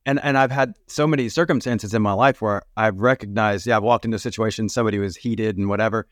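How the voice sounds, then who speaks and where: A man's voice: lowish voice, fairly even intonation, fast, no echo, clean studio sound. A man talking as a podcast guest, laid-back and chuckling as he speaks. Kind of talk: casual conversation.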